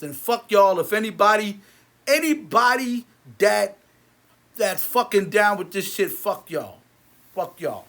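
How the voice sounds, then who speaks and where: A man with a rather high voice rants to camera, heated and bitter. He repeats himself and restarts his lines, then lets his voice drop low and quiet in tired stretches. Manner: repetitive, many restarts. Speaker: movie theater owner. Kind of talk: angry rant to camera.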